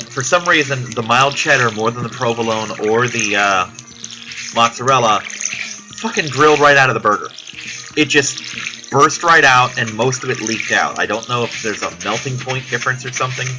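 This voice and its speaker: Casual male vlogger, profane and rambling, with music clearly audible underneath. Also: mid-range voice, low-quality recording. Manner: profane, chatty, self-deprecating.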